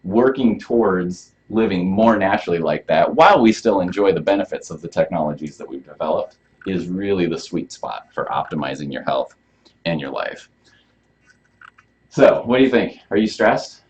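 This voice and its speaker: A man with a low, expressive, slightly mellow voice speaks at a normal pace while presenting a health workshop as a chiropractor. He chats casually and asks questions of the small live audience, heard through a dull lo-fi recording.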